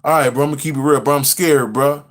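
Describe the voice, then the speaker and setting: A man voicing a frightened rich caller who stammers and fills every pause with filler words. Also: mid-range voice, fairly even intonation, pitched below the performer's own voice, natural voice. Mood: nervous.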